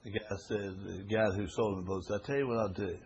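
A man's voice: on the low side, steady tone, fairly quick, darkish tone, highs cut off, a little hiss or hum. A man teaching a Bible study class to a small group, reading scripture aloud and explaining it in a folksy way, often repeating phrases for emphasis.

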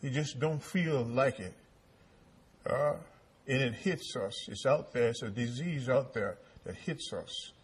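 A man's voice: mid-range voice, a little slow, slightly rough. A man preaching a sermon, repeating his points and asking the congregation rhetorical questions. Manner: repetitive call-and-response preaching with rhetorical questions.

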